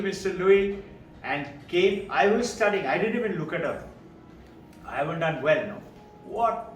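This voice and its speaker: Man in his seventies, indian english accent, high voice, storytelling talk, heard from a distance. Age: 70s. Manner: animated, acts out quoted voices, chuckles. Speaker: spiritual speaker. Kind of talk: storytelling talk to a live audience. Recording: echoey hall, distant mic, faint music.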